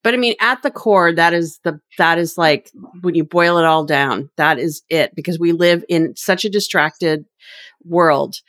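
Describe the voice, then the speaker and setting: A woman's voice: fairly low pitch, measured pace, a bit bright, no room sound, clean studio sound. A woman hosting an interview in a chatty, agreeable way, nodding along with frequent yeahs. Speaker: podcast host. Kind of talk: conversational interview.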